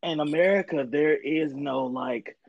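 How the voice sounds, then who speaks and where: A man's voice: a little high, unhurried, vocal fry, dry recording, dull audio. A man hosting a casual podcast, telling stories with heavy cursing and acting out the people he quotes. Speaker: podcast host. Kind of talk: casual profane chat.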